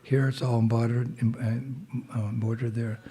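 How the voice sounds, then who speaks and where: A monk with a cold giving a humorous, conversational temple talk as guest speaker. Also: male voice, medium pitch, flat delivery, moderate pace, mellow, breathy edge. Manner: humorous storyteller, loose and conversational. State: has a cold. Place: temple hall.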